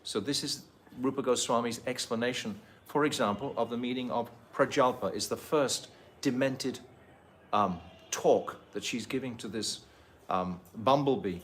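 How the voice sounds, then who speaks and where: A man's voice: mid-range voice, a little hiss or hum. Man teaching a devotional scripture class. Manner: explanatory, pauses with fillers, asks listeners questions. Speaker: spiritual teacher. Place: holy site, live talk to a group.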